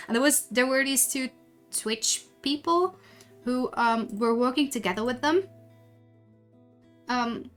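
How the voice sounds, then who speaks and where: A woman's voice: high voice, unhurried, pauses often. A woman with a Dutch accent, a streamer telling stories in casual chat, rambling with many restarts. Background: faint background music.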